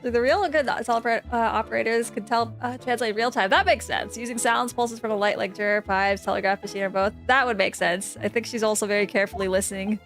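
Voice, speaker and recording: A woman's voice: fairly high pitch, steady tone, a little fast, few pauses, a bit bright, faint music behind. A woman streamer chatting casually with her viewers, rambling and reacting to chat.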